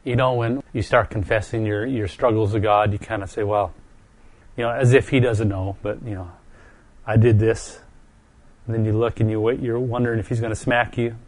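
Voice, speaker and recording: A middle-aged man preaching a heartfelt sermon, gentle and earnest, often pausing and repeating words, still recovering from a stroke and quick to get emotional. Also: lowish voice, steady tone.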